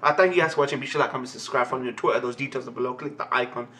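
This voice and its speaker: A young man giving a live anime reaction, excitable and ranting, swearing constantly. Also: mid-range voice, racing, slight background noise. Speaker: anime reaction channel host.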